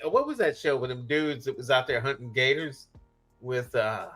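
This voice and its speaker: A middle-aged man co-hosting a casual live chat, telling stories in an animated way and laughing often. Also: medium pitch, moderate pace, faint music behind.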